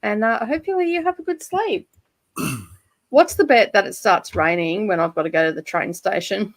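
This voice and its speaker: With an expressive mid-range voice and a moderate pace on a dry recording, an Australian woman chats casually while hosting a reading-sprint livestream. She's in a home room by a side street, laughing frequently and dropping the odd light swear.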